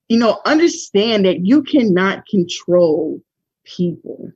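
A woman's voice: on the low side, a little mellow, slightly rough, muffled recording. A woman hosting a podcast, giving reflective advice in a thoughtful way. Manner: thoughtful, many "you know" fillers. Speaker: podcast host.

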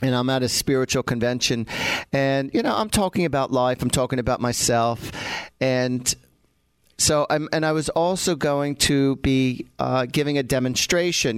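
A man's voice: mid-range voice, smooth, dry recording. A man, a psychic medium, chattily telling funny stories and laughing often. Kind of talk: casual storytelling.

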